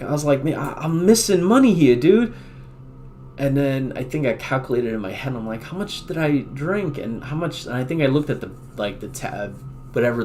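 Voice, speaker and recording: A man casually telling a story as a streamer, animated, laughing often and acting out what people said. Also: fairly low pitch. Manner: animated, laughs often, swears, acts out quotes.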